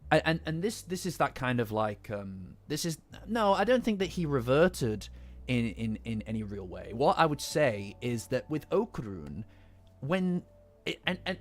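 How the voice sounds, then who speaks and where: Casual Midlands-accented male streamer, post-flu, rambling and swearing; faint lofi music behind. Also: mid-range voice. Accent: English Midlands. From England. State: recovering from flu. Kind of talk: casual live-stream chat.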